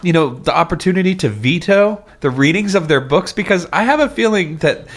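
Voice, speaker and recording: A man's voice: sits high, brisk. A man co-hosting a podcast, laughing often and joking about himself in casual chat. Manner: laughs often, self-deprecating, animated. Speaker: podcast co-host.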